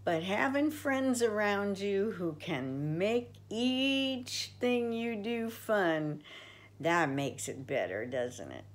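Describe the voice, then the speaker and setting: Older woman, children's storybook reading, slow, gentle, expressive. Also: mid-range voice.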